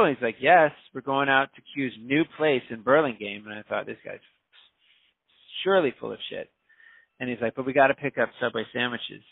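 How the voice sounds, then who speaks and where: A man's voice: medium pitch, gravelly, breathy edge, dry recording. A man, a DJ, telling a story casually and acting out the voices of the people in it. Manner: animated, acts out quoted voices. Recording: dry, phone-like narrow sound.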